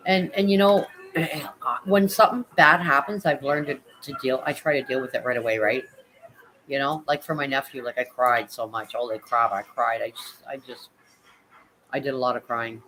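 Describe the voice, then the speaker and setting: A woman's voice: very deep voice, fairly even intonation, moderate pace, fairly bright tone, a little hiss or hum, rough recording. Chatty middle-aged woman hosting a livestream. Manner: chatty, reassuring, repeats phrases and adds tag questions. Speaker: livestream host. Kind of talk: casual livestream chat, reading out viewers' comments.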